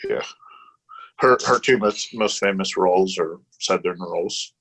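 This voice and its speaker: A man's voice: low voice, measured pace, a bit bright. A man co-hosting a podcast in casual chat, making short, dry remarks. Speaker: podcast co-host.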